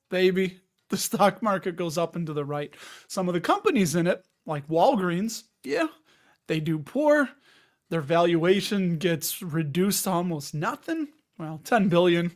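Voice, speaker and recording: A man hosting a casual livestream, chatty and jokey, who wanders off topic. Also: sits high. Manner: rambling, jokey, loses his train of thought. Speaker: livestream host.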